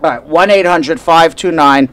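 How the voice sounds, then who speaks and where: A chatty man runs a call-in radio show about immigration law. His voice sits fairly high for a man, and he circles back over his points with restarts and repeats. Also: moderate pace, fairly bright tone. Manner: chatty, repeats himself, reads the phone number. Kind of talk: casual call-in radio chat.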